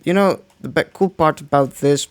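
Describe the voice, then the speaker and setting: A man with a fairly high-pitched voice streams a game and keeps up casual live commentary at a moderate pace. He rambles, keeps restarting his sentences and mutters to himself as he plays.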